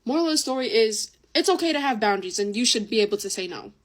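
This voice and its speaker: A woman's voice: on the high side, lively intonation, quick pace. A young woman telling a casual storytime while doing her makeup, chatty and full of swearing and fillers.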